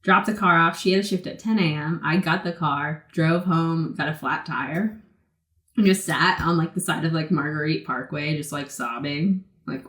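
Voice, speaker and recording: A woman in her twenties from the Boston area, telling stories in a casual interview, talking fast and loose with lots of "like" and acted-out quotes. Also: deep voice, fairly bright tone, reverberant. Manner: chatty, many "like" fillers, acts out quotes. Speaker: guest, pro skateboarder.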